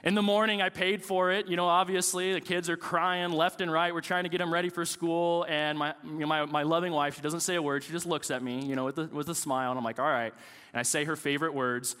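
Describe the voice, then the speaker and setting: A man's voice: fairly high pitch, steady tone, fast talker, pushed and bright, clean tone, in a large hall. A man in his thirties, a pastor preaching a sermon with casual, joking stories about family life.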